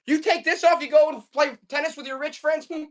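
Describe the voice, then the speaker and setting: A woman selling items on a live stream auction in fast, joking, hyped-up sales patter, coughing now and then. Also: high voice, fairly even intonation. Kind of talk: casual live selling banter.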